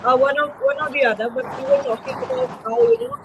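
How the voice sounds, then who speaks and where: A woman with a high voice co-hosts a live cricket talk show. She talks in loose, rambling sentences full of fillers and restarts, and she reads viewer comments aloud. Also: big pitch swings, fast, vocal fry, dull audio, noisy background. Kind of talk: live post-match discussion.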